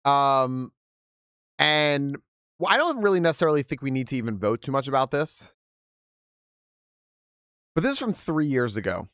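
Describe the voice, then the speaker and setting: Animated, swearing game streamer man. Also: mid-range voice, normal speed, pauses often, smooth, no echo, clean studio sound. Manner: candid and profane, laughing asides while reading. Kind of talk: casual live-stream chat and reading stories aloud.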